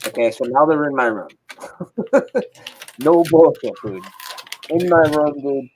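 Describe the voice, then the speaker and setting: A man's voice: mid-range voice, unhurried, slight background noise, poor audio. A man telling a story over a video call. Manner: animated, imitates sounds, swears freely. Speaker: interview guest. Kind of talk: casual storytelling.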